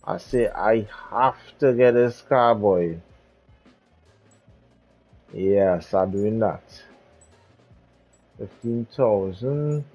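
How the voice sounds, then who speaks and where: Slow, husky man musing over gameplay. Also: on the low side, dull audio, soft background music. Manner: laid-back, muttering, repeats phrases while driving. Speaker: gaming channel host. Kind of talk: casual gameplay commentary.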